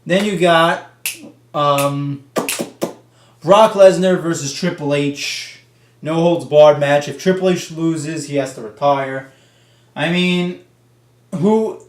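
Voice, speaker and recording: Male vlogger, heated and foul-mouthed, slightly high voice, echoey room. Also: slow pace. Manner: profane, blunt and heated. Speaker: wrestling vlogger. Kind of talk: casual opinionated rant.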